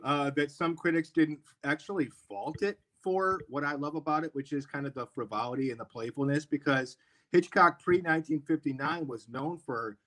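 Enthusiastic man, fairly high voice. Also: moderate pace, fairly bright tone. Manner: enthusiastic, swears for emphasis, laughs easily. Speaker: podcast co-host. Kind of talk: casual film discussion.

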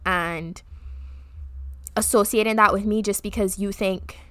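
A young adult woman from the Caribbean co-hosting a podcast, talking in a reflective, earnest way that often pauses mid-thought. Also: medium pitch, fairly even intonation, fairly bright tone, no echo. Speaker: podcast co-host. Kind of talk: casual chat.

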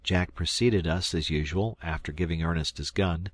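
A man with a very low, deep voice reads a classic adventure novel aloud in a measured, storytelling way. He is recorded close up on a studio mic, and the sound is completely dry. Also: dry recording. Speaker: audiobook narrator. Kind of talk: scripted narration of a classic novel.

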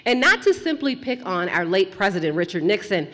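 A woman telling a story to an audience in an animated, playful way, dropping to a hush for suspense. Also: medium pitch, fairly quick, long reverb tail. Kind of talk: lively storytelling talk.

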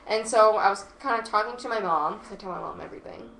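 Animated young woman telling a story. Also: mid-range voice, fast talker, gravelly. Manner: animated, heavy use of "like", swearing freely. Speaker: podcast guest. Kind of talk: casual storytelling chat. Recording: echoey room with faint noise.

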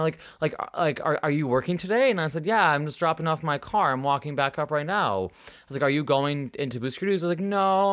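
Young male podcast host, casual and profane, lively pitch. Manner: animated, acts out quoted voices, swears freely. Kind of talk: casual storytelling chat.

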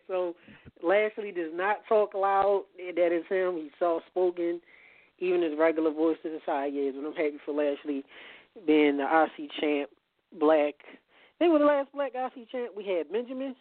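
High-voiced rambling man on a phone line. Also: moderate pace, no echo. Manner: rambling, stumbles and repeats words. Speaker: podcast guest. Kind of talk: casual chat.

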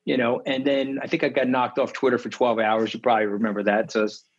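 A man, telling stories in an interview, emphatic and indignant, his pitch leaping high when outraged. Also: level tone, fast talker. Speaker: interview guest. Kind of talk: animated interview storytelling. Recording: slightly dull lo-fi audio.

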